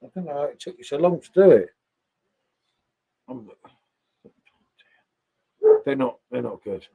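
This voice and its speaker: Bloke rambling on his home live stream, gravelly husky voice, a bit high, keeps going "isn't it?". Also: wildly swooping pitch, a little slow, mellow. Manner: chatty, tags questions onto remarks. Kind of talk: casual live-stream chat. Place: home sitting room.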